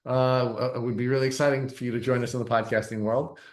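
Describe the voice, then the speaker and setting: A man hosting a podcast, talking in a halting way with many restarts and uhs. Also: medium pitch, little pitch movement, darkish tone. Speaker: podcast host. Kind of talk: casual interview chat. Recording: echoey room.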